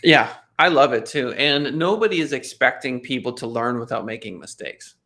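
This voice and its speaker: A man's voice: medium pitch, lively intonation, normal speed, pushed and bright. A man hosting a casual interview, talking in a rambling storyteller way with many restarts and "right?" tags.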